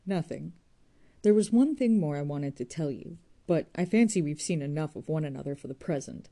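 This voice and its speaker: A woman's voice: deep voice, expressive, moderate pace, dark tone. A woman reading aloud voices a weary, bitter young man who speaks in a tense, clipped way.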